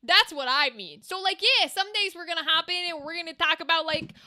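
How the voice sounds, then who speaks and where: A woman's voice: very high voice, brisk, background noise. A woman streamer chatting casually with her live audience, swearing freely and laughing often.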